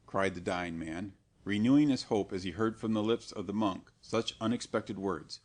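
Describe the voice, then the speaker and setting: A man narrating a classic crime story as an audiobook in a steady, even reading. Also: lowish voice, moderate pace, few pauses. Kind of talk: scripted narration.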